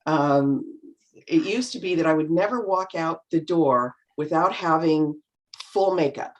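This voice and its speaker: A middle-aged woman on a video call, chatting reflectively as a panel guest and acting out remarks in lively voices. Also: sits low, measured pace, slight background noise. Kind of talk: casual chat.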